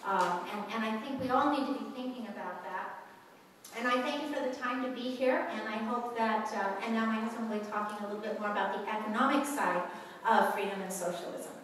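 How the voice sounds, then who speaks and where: A woman with a fairly high voice gives an earnest talk, pausing on fillers as she tells simple stories. Her voice rings through a large hall, picked up from well away from the mic. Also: a bit bright, slight background noise. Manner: earnest, storytelling with many fillers. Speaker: speaker at a lecture. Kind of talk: public talk to an audience. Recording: echoey hall, voice from far off.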